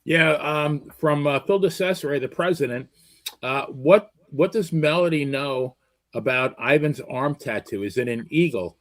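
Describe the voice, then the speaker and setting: A man's voice: on the high side, measured pace, fairly bright tone. A male co-host reading out listener questions in a casual, hesitant way, with stammers and fillers. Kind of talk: casual chat.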